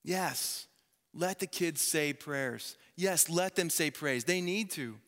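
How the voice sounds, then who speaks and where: A man in his thirties delivers a sermon from a church stage, his voice bright and a touch high. He tells stories with animation and slips into voices for the people he quotes. The sound carries a long reverb from the hall. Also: slow. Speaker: pastor. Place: church sanctuary.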